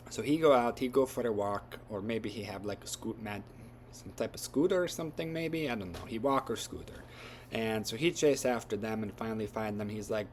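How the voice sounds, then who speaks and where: A man's voice: fairly low pitch, normal speed, a little hiss or hum. A man retelling a story from memory in a casual, rambling way with loose grammar and lots of fillers.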